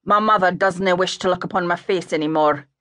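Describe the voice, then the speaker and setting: A woman voicing a grieving young man who talks in a low, bitter, brooding way. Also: a little fast, fairly bright tone, dry recording, natural voice.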